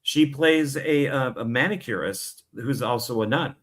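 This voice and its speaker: A man co-hosting a casual movie haul show, making joking, teasing deadpan asides. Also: mid-range voice, measured pace. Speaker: co-host of a physical media haul show. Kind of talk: casual chat.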